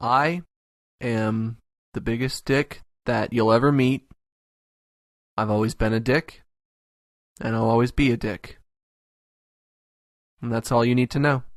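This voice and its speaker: A man's voice: mid-range voice, steady tone, a little slow, long pauses, no room sound, clean studio sound, natural voice. A man voicing a crude, short-tempered cartoon host who mocks everyone in an abrasive tone. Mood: scornful. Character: foul-mouthed, contemptuous cartoon man host. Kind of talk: comedic web cartoon voice acting.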